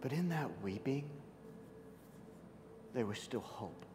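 A man's voice: lively intonation, slow pace, noisy background. Man preaching in a reverberant hall. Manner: dramatic, swings from loud and high to soft and hushed. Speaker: pastor. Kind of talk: sermon.

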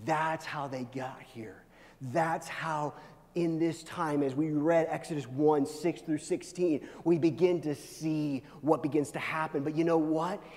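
A pastor preaching a sermon, swinging between loud, rising pleas and hushed, low lines. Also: male voice, steady tone, unhurried. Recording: long reverb of a large hall.

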